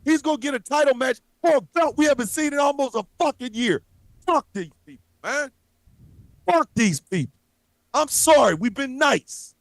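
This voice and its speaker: A man hosting a show, delivering an angry, profanity-filled rant that breaks into shouts at times. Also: very high voice, no room sound. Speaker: show host.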